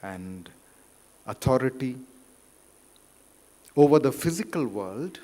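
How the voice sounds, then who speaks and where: Slow, deliberate man preaching. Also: mid-range voice, expressive. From India. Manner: slow, deliberate, rises loud for quotes then drops quiet. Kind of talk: sermon. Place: church hall. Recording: reverberant church hall.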